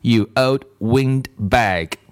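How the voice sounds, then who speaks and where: A man doing a sneering, rude little raincoat creature. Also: medium pitch. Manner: slow, sneering, insulting drawl.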